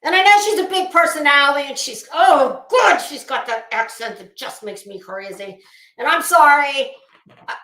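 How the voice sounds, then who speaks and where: A woman's voice: high-pitched, sharp tone, reverberant. A woman hosting a casual livestream, talking straight to her chat in a chatty, opinionated way. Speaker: livestream commentary host. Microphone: phone.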